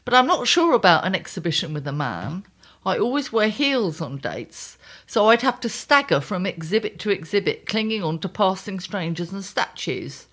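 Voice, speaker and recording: An older woman co-hosting a casual chat, reading her own column aloud in a wry, lively way. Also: medium pitch, moderate pace.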